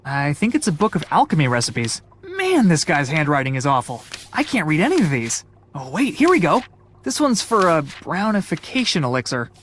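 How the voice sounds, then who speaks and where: A woman's voice: deep voice, wildly swooping pitch, normal speed, slight background noise. A woman voicing a clumsy, good-natured young male lab assistant in a game, quippy and mildly sarcastic. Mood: wry. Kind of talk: video game voice acting.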